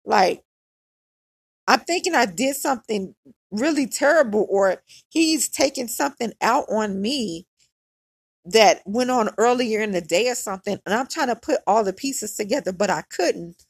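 A woman with a gravelly, husky voice tells a personal story in a frank, loose, conversational way, full of "like". Her voice is mid-pitched and recorded close and dry. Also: expressive, normal speed, dry recording. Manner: candid and conversational, heavy use of "like". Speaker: podcaster.

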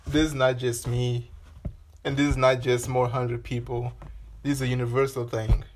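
A man's voice: mid-range voice, little pitch movement, moderate pace, slight background noise. A man hosting a solo podcast, talking in a loose, rambling way and swearing casually. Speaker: podcast host.

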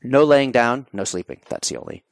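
A male podcast guest talks casually, loosely and with many fillers, telling animated stories and acting out his own quoted thoughts. His medium-pitched voice is brisk, with big pitch swings and vocal fry, in a dry recording.

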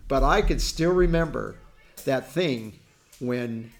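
A man's voice: mid-range voice, lively intonation, slow pace, creaky, soft background music. A middle-aged man teaching a Bible study in an earnest, folksy way, with storytelling asides to his class.

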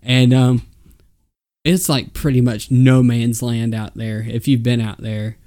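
A man's voice: mid-range voice, level tone, unhurried, warm tone. A man co-hosting a podcast, rambling through stories with fillers and frequent laughter. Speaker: podcast co-host. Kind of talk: casual chat.

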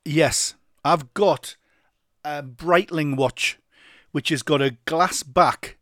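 Guy, jokey storyteller, bit high voice, dry close mic. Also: slow, a bit bright, no room sound. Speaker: podcast co-host. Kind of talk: casual chat.

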